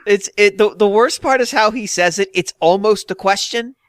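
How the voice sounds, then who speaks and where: A man hosting a podcast, chatting casually with quick jokes and asides. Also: high voice, no room sound, studio quality. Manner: animated, jokey, quick asides and impressions. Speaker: podcast host. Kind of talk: casual comedic podcast chat.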